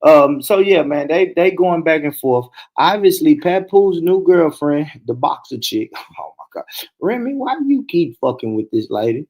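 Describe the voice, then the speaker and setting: A man's voice: a little high, lively intonation, moderate pace, a little mellow. A man hosting a casual commentary stream, talking loosely and profanely and laughing often. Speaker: host.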